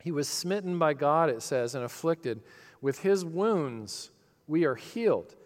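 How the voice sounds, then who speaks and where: A middle-aged man preaching a sermon, earnest and reflective, his voice swelling with feeling and then dropping soft. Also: fairly high pitch, lively intonation, a little slow, long reverb tail. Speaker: pastor.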